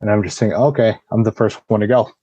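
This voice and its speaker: A man's voice: on the low side, fast, slightly rough, no room sound, highs cut off. A man on a podcast telling a long story in a casual way. He acts out what people said and swears freely. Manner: lively storyteller acting out quoted dialogue, swears freely. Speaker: podcast guest.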